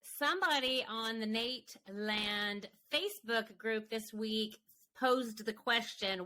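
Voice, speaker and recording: Woman, podcast co-host, playful, laughs a lot, bright voice. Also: a little high, slow, low-quality recording. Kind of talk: casual chat.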